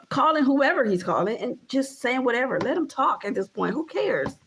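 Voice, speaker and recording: A woman in her thirties vents to the camera in a casual vlog. Her voice sits fairly high, and she talks emphatically, circling back over the same points with plenty of profanity. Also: very animated, moderate pace, fairly bright tone, slight background noise. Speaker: vlogger.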